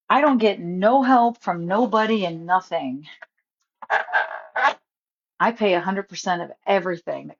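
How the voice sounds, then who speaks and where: A woman's voice: lowish voice, vocal fry. A woman vlogging in a casual rant, indignant and rambling, often cutting herself off mid-sentence. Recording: dull lo-fi phone audio.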